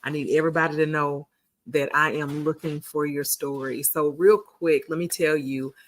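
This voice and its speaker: A woman in her 40s hosts a casual livestream, chatting folksily with viewers and calling them sugars and honey. Her low-pitched voice has fairly even intonation and a moderate pace.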